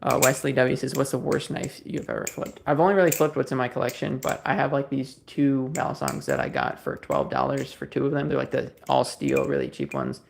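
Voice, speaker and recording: A man's voice: medium pitch, animated, a little fast, creaky, hardly any pauses, slight background noise. A man hosting a casual livestream, reading viewer comments aloud and answering them in an easygoing, rambling way. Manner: rambling, easygoing, many fillers and restarts. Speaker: livestream host.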